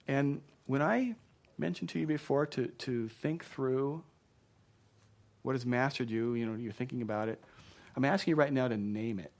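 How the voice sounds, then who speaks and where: A man preaching a sermon to a congregation as pastor, impassioned, repeating phrases and building to loud exclamations. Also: medium pitch, moderate pace. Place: church before a congregation.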